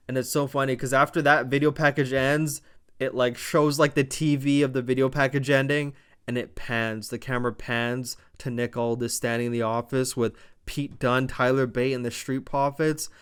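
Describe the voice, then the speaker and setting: A man from Canada recapping a wrestling show in a casual vlog, telling it excitably with lots of swearing and fillers. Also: medium pitch, normal speed, clean tone.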